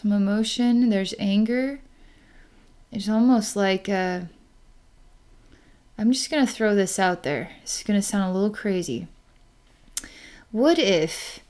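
A woman's voice: mid-range voice, a little mellow. A woman narrating a psychic healing session, rambling with fillers and restarts and breaking into light laughs. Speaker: psychic reader.

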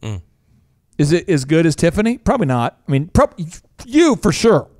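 Energetic male business podcast host. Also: on the high side, no echo, studio quality. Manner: animated, jokey, quick asides and voice impressions. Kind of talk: energetic casual business talk.

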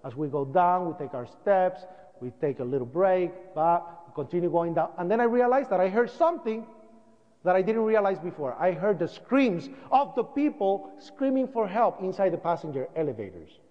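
A man giving a public talk, telling his story in an animated way and acting out sounds and voices. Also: high-pitched, normal speed. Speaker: speaker recounting events. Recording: dull lo-fi sound, long hall reverb.

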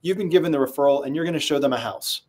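A man's voice: on the high side, racing. A man being interviewed as a sales trainer, telling stories and acting out the people he quotes. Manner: animated storyteller who acts out quotes. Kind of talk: conversational interview storytelling.

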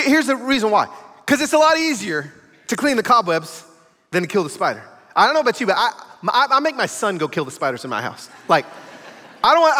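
A man's voice: sits high, pushed and bright. A man preaching a sermon in a church, telling stories animatedly and acting out the voices in them. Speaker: guest preacher. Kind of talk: sermon storytelling. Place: church auditorium. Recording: echoey church hall.

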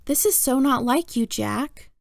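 An exasperated, worried mother, voiced by a woman reading a storybook, pleads in a raised, higher voice. Her tone has a faint gravelly edge. The recording is dry and close. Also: a little slow, a little mellow, no echo. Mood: upset.

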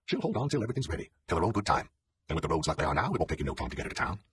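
A man's voice: sits low, big pitch swings, very fast, a bit bright, breathy edge, full character voice. A man reading an audiobook and voicing a middle-aged neighbor farmer who talks in a reassuring way.

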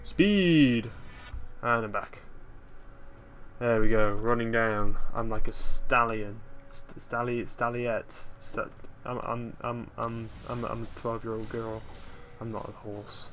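A man's voice: fairly low pitch, level tone, a little slow, sharp tone, a little hiss or hum. A man giving casual, rambling commentary over his own gameplay, joking at his own expense. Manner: rambling, self-mocking, jokey.

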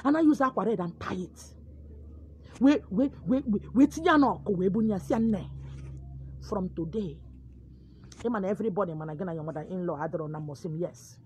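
A woman with a Nigerian accent telling a comic first-person story, dramatic and lively. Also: mid-range voice, fast, husky. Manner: dramatic, lively, code-switching.

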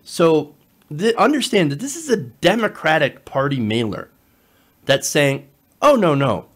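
A man giving online political commentary, talking in an animated, sarcastic way with frequent fillers. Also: fairly high pitch, a little slow.

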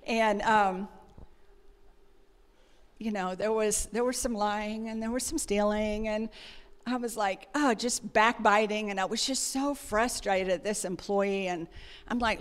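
A woman's voice: medium pitch, steady tone, takes it slowly, long pauses, long reverb tail. A woman giving a conversational sermon, telling personal stories with frequent fillers. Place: church sanctuary.

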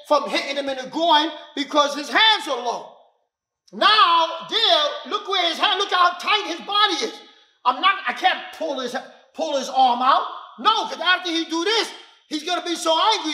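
A male self-defense instructor with a very high, sharp and forceful voice. He is emphatic and street-wise, and he punches key words loudly. The sound is echoey, as if recorded in a gym. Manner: emphatic, street-talking, bursts of loud stress. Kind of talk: demonstration teaching. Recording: echoey room.

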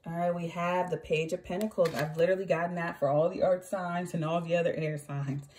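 A woman's voice: lowish voice, steady tone, fairly quick, a little mellow, slight background noise. A woman giving a casual tarot reading who chats freely, corrects herself and laughs often. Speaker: tarot reader.

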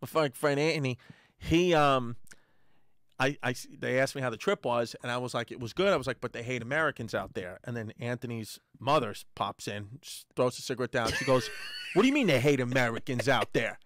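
A man's voice: mid-range voice, a little fast, fairly bright tone. A man, co-hosting a comedy podcast and telling profane, rambling stories. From Brooklyn, New York. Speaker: podcast co-host. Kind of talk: casual comedic chat.

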